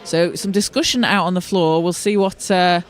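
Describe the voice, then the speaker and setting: A male play-by-play commentator calls a basketball game live from courtside. His voice sits high for a man, and his delivery is steady and informative. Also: normal speed. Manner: steady, informative, with occasional restarts.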